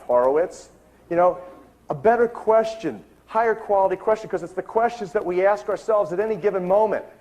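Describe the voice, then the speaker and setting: A man giving an earnest lecture, telling a story with lively acted-out dialogue and swings in pitch. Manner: animated, acts out dialogue with big pitch swings; earnest, spiritual framing.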